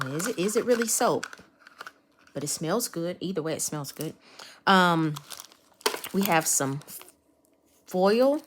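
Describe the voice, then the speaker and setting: A woman chats casually as she unboxes nail supplies, talking straight to her viewers. Her voice sits low. A faint hiss runs under the recording. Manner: chatty, talks to viewers as y'all. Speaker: nail art vlogger.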